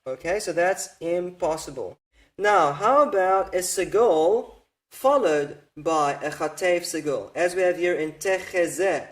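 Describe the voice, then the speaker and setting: Slow, high-voiced man teaching grammar. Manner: patient, methodical, repeats key points. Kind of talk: slow explanatory lecture.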